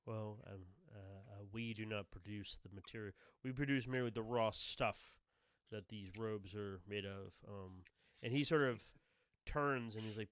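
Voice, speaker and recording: A man's voice: on the low side, moderate pace. A man narrating a tabletop game as game master, rambling and restarting his sentences as he describes the scene. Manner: rambling, full of fillers and restarts.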